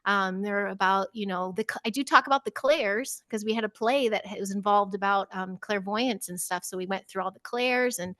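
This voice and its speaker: A middle-aged woman and teacher, chatting as a podcast guest, telling lively stories and acting out children's voices with frequent laughter. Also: medium pitch, normal speed, few pauses, no room sound. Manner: animated storyteller, acts out children's voices, laughs often. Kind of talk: casual interview chat.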